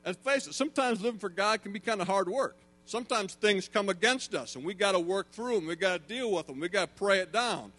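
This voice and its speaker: High-voiced man preaching a sermon. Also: fairly quick. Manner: animated storytelling, rising to emphatic preaching. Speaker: pastor.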